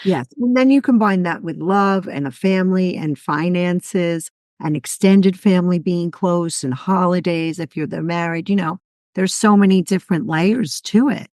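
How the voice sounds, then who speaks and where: A woman's voice: fairly low pitch, normal speed, darkish tone, no echo, studio quality. A woman in a podcast conversation who explains steadily and often answers with brief agreement. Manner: affirming, brief backchannels, explanatory.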